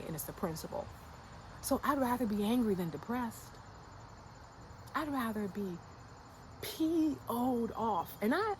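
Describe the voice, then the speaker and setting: Her voice is mid-range, with background noise behind it. This American YouTuber rants to her channel in a casual, motivational way, using slang and blunt language, repeating herself to hammer each point with fired-up insistence.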